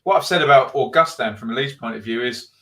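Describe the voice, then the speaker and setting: A man's voice: mid-range voice, quick pace, fairly bright tone. A middle-aged man hosting a live football stream, reading out viewer comments and thinking aloud with frequent ums. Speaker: football channel host.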